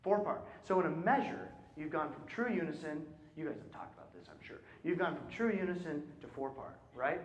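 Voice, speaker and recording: The recording is muffled, and the hall sound is roomy. A choir clinician with a fairly high, sing-song voice talks briskly with hardly any pauses, guiding singers through rehearsal with frequent questions and "right?" check-ins.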